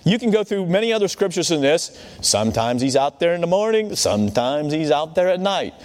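A man's voice: on the high side, sing-song, a little fast, darkish tone. A man preaching a sermon in a conversational way, often checking in with his listeners. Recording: long hall reverb.

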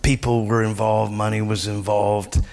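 A middle-aged man, a pastor, preaching a conversational sermon that swings between loud raised passages and hushed asides. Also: fairly low pitch, flat delivery, normal speed, creaky.

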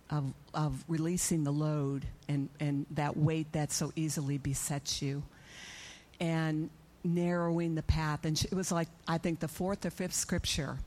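Brief: middle-aged woman with a slightly low voice, animated church testimony storyteller. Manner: animated storyteller, acting out her own prayers and dialogue. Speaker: church speaker giving a testimony.

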